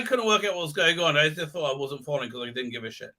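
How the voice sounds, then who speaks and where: A man's voice: a little high, lively intonation, fast talker, bright, forceful tone. A man hosting a live stream, giving a crude, sarcastic rant with many filler sounds. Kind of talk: ranting pop-culture commentary.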